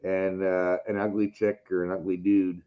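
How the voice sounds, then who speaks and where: A man's voice: deep voice, flat delivery, normal speed, highs cut off. A man hosting a casual podcast chat, rambling and swearing heavily. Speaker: podcast host.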